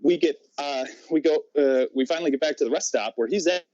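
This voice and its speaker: A man with a somewhat high voice tells a story on a podcast, rambling and restarting as he goes and breaking into laughter. The sound is close and dry, with a slightly dull, muffled quality. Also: fast, darkish tone, no echo. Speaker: guest, pro wrestler.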